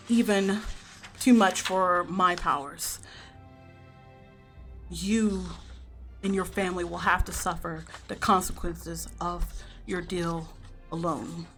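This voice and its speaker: A woman voicing a powerful male fey uncle who speaks slowly and coldly. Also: lowish voice. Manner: measured, quiet, menacing.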